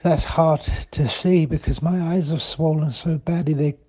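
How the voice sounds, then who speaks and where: A bewildered man who stumbles and trails off as he leaves a voicemail. His fairly high voice is soft and mellow, and the sound is dull and lo-fi, like a phone message in a comedy podcast. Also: fairly even intonation, breathy edge. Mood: dazed worried. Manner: halting, confused, stumbling. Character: dazed, bewildered British man after a bad drug trial.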